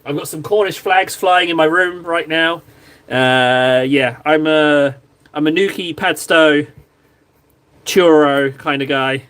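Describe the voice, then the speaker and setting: A man from southwest England with a southern English accent, hosting a live stream and chatting casually, excitable and quick to interrupt himself. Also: a little high, clear, resonant tone. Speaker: live-stream host painting miniatures.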